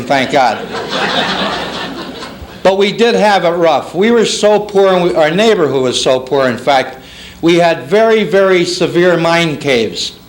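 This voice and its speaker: A man's voice: fairly high pitch, rough recording. A man, emceeing a banquet and telling comic stories, slipping into other people's voices as he goes. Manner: animated, puts on a child's voice and his mother's. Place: banquet hall. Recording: faint room noise, 1991 banquet tape.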